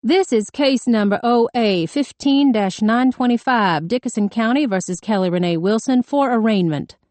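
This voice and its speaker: A woman's voice: fairly high pitch, moderate pace, darkish tone, dry recording, pitched above the performer's own voice, natural voice. A woman voicing a female court clerk who makes formal announcements in an audiobook.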